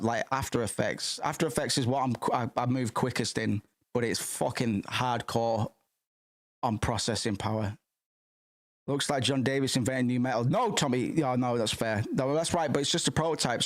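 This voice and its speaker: A man hosting a livestream in casual chat, rambling and excitable with lots of swearing, from his home streaming setup. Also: mid-range voice, a little fast. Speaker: livestream host.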